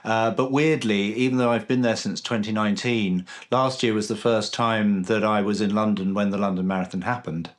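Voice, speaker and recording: A man's voice: lowish voice, fairly even intonation, moderate pace, few pauses. A man in his forties hosting a casual interview, telling a personal story in an earnest, reflective way. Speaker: podcast host.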